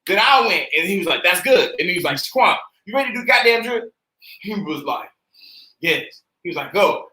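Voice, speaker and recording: A man in casual chat, telling stories in a relaxed, slangy way. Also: high-pitched. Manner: relaxed slangy storyteller, many fillers. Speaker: co-host. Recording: echoey room, faint noise.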